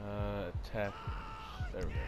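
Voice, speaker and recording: A young man chatting casually while gaming, excitable, joking and taunting his friends. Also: lowish voice, moderate pace. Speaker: gamer. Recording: voice chat over loud game noise.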